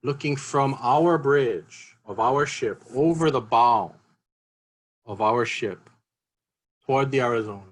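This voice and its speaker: Man, earnest seminar speaker, emotional, repeats key phrases, mid-pitched voice. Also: slow, long pauses, rough recording. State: emotional, voice catching. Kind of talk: emotional public talk.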